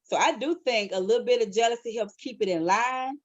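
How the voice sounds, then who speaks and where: Woman co-host, higher pitch, blunt foul-mouthed storyteller, dry close sound. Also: fairly quick, no echo, muffled recording. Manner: blunt, profane, animated storytelling. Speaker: podcast co-host. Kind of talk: casual chat.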